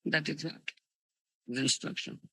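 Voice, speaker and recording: This 1992 scripture lecture comes from a spiritual teacher, a man with an Indian English accent whose fairly high voice moves at a measured pace with a breathy edge. Recorded on dry, close 1990s tape, he tells stories animatedly and regularly asks "you understand?" and "huh?".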